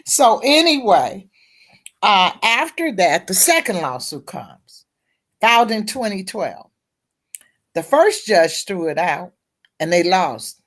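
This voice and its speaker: A woman's voice: mid-range voice, very animated, slow pace, fairly bright tone. A middle-aged woman, a teacher advocate and guest at a round table discussion, telling her story bluntly and candidly.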